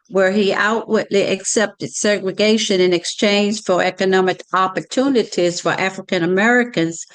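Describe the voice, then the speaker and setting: Female reader, slow and careful, self-corrects small slips. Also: mid-range voice, rough recording. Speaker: class participant reading aloud. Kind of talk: reading a text aloud.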